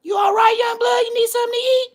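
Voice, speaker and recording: A man putting on the voice of an old neighborhood grandma greeting the local kids in a loud, friendly way. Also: very high-pitched, fairly even intonation, fast talker, pitched above the performer's own voice.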